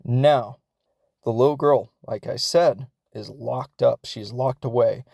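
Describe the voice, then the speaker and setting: A podcast host with a mid-range, slow, dark voice and vocal fry recaps a film, recorded with no room sound. He rambles chattily, uses lots of fillers, and laughs as he talks.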